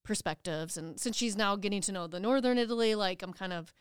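A woman's voice: mid-range voice, a little fast, clean tone, dry recording, studio quality. A woman guest on a podcast, talking casually and rambling, with lots of "like" and restarts. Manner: rambling, many fillers and restarts. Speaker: podcast guest, travel planner.

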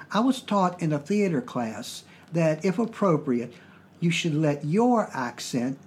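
A man with a Southern US accent hosts a podcast, explaining things in a plain, measured way. His voice is husky and pitched a little high for a man. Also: a little mellow. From Virginia, US. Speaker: podcast host.

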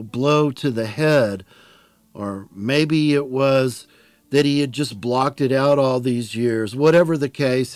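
A man narrating an audiobook in a plain, measured storytelling manner. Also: medium pitch, a little mellow, no echo. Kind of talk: scripted narration.

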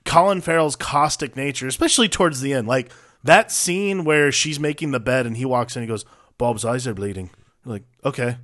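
A man co-hosting a casual film discussion podcast, talking in an animated way, swearing freely and acting out lines he quotes. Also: fairly high pitch, fairly quick, hardly any pauses. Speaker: podcast co-host.

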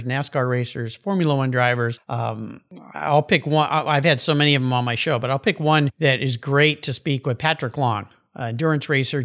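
A man's voice: medium pitch, fairly bright tone. A man hosting an interview, asking long, loosely built questions and giving short affirmations. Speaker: show host, interviewer.

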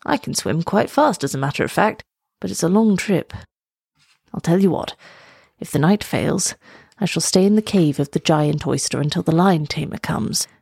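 A weary, patient old sea turtle , as a woman reads him, telling his tale in a measured, gently explaining way from a storybook. The voice is low-pitched, close and dry. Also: gravelly, husky, no echo. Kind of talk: storybook reading.

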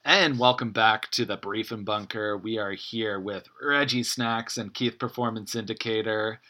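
A man playing an earnest corporate host whose voice is bright and sharp. He fumbles cheerfully through business buzzwords, restarting his sentences. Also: on the low side, normal speed, soft background music. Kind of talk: comedy sketch, mock corporate show.

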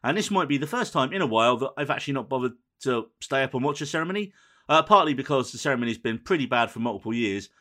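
Fast-talking podcast host. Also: male voice, mid-range voice, expressive, bright, forceful tone. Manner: quick, dry and teasing, running the episode rundown. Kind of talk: casual podcast chat.

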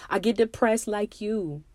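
Young woman podcast host, lowish voice, dry close mic, candid and emphatic. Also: darkish tone, no echo. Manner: candid, emphatic, talks straight to listeners. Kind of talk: casual motivational monologue.

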